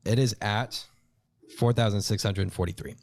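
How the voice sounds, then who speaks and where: A man's voice: on the low side, fairly even intonation, moderate pace, darkish tone. A man as a guest, sheepishly owning up to his money mistakes. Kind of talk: casual conversation.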